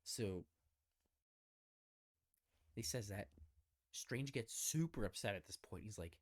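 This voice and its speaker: Low-voiced man casually recapping a film. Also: animated, takes it slowly, long pauses, no echo, clean studio sound. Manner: retells movie scenes, acting out lines. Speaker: podcast co-host.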